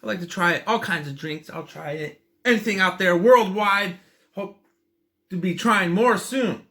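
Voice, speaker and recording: A man's voice: high-pitched, a little slow, sharp tone. A man talking casually in a vlog, chatty and enthusiastic, rambling with plenty of fillers as he tries a drink. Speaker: vlogger tasting drinks.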